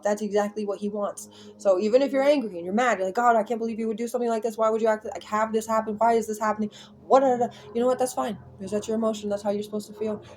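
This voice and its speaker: A woman's voice: mid-range voice, dark tone. A woman giving a casual spiritual tarot reading, talking emphatically and rambling with lots of repetition. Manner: emphatic, rambling, repeats herself. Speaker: tarot reader.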